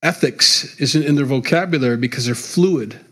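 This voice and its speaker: A man's voice: medium pitch, normal speed, a bit bright. A middle-aged man preaching a sermon as pastor, talking in a loose, conversational way and chuckling between points.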